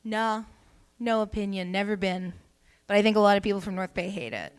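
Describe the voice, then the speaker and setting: A woman's voice: mid-range voice, fairly quick, clean tone. A young woman, hosting a comedy cabaret with crude, teasing, rambling banter. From Canada. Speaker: comedy show host. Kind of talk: casual stand-up banter.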